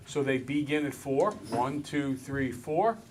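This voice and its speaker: A man's voice: medium pitch, measured pace, far from the mic, a little hiss or hum, poor audio. A man teaching a math class, talking to students and acting out little scenes as he goes. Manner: animated storyteller, acts out voices. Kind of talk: classroom lecture.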